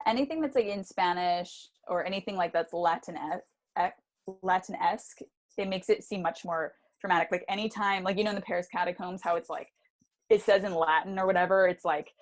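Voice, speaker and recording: A woman co-hosting a podcast, telling stories in animated casual chat with fillers. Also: lowish voice, brisk. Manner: animated storytelling with fillers and laughs. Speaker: podcast co-host.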